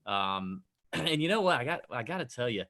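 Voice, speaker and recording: A man's voice: mid-range voice, very animated, moderate pace, pushed and bright. A man in his thirties co-hosting a golf podcast, joking around and reading a sponsor spot loosely. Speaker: co-host. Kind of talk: casual golf podcast chat.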